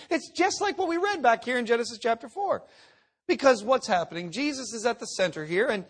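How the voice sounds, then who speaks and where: A man preaching with a fairly high voice. He delivers his sermon emphatically, rising to loud declarations and dropping to quiet asides, and he sometimes acts out the voices he quotes. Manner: emphatic preaching, shifts between loud and hushed. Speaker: pastor.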